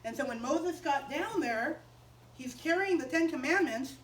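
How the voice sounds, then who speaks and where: A woman teaching a Bible story to children in a chapel, animated and quizzing them as she goes. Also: high voice, measured pace, recorded from a distance, slight background noise. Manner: animated, asks the children questions. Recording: roomy chapel, voice off-mic.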